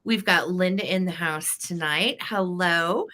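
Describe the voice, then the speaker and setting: Upbeat woman host for a live-sale stream, bright voice, chatty and welcoming by name. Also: fairly low pitch, unhurried. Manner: chatty, greets viewers by name. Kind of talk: casual live-stream chat.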